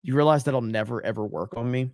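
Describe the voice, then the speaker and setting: A man's voice: mid-range voice, quick pace, darkish tone, no room sound, studio quality. A man hosting a livestream in a casual style, reading viewer chat aloud and answering in a blunt, profane way, often repeating words for emphasis. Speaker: livestream host.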